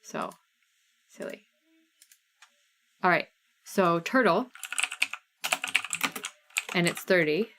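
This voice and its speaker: A woman's voice: lowish voice, extremely slow, long pauses, noisy background. Chatty woman hosting a live sale. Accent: Midwestern American. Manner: chatty, reads out viewer names, bubbly. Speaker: host of a live craft sale stream. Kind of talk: casual live-stream chat.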